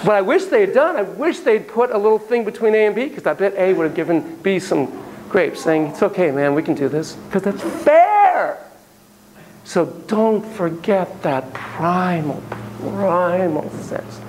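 Lively, joking male lecturer. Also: sits high, a little slow, slight background noise, poor audio. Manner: animated, jokey, acts out examples. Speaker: psychology lecturer. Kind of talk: classroom lecture.

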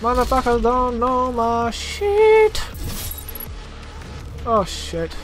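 High-voiced young gamer, trash-talking. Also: male voice, big pitch swings, extremely slow, over music. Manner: trash-talking, swearing, shouting at enemies. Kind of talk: let's play commentary.

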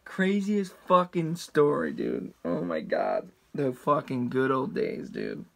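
A man's voice: wildly swooping pitch, slow pace, vocal fry. A man in his twenties casually telling a rambling, heavily profane story, with restarts and asides and quoted voices acted out. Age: 20s. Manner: acts out quotes with big pitch jumps. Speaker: storyteller vlogger.

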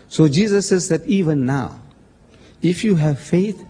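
A man's voice: on the high side, lively intonation, measured pace, mellow, slightly rough. A man arguing in a public religious debate, emphatic and pointed, quoting scripture with dramatic stress and addressing his opponent as sir. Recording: echoey hall with long reverb.

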